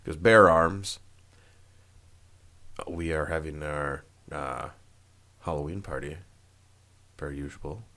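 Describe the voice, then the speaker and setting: Low-voiced male podcast host, loose and jokey, breaks into laughter often. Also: slow pace, pauses often, fairly bright tone. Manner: laughs often, swears, trails off mid-sentence. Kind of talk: casual joking chat.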